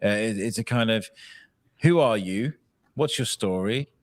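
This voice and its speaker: A man co-hosting a podcast, with a low voice that swings up and down as he tells a story. He laughs often and talks casually. The sound is close and dry. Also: lively intonation, measured pace, dry recording. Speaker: podcast co-host. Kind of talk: casual chat.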